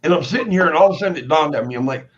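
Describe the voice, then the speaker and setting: A man's voice: on the high side, very fast. A middle-aged man co-hosting a livestream, swearing freely and laughing often as he tells stories in casual banter. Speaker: livestream co-host. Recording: slightly muffled with faint noise.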